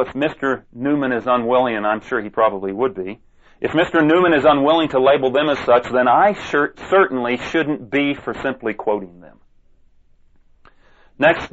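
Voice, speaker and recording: Emphatic man on a dull recording. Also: medium pitch. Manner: emphatic, asks rhetorical questions, stumbles and restarts. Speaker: ministry speaker. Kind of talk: monologue rebuttal reading quotes aloud.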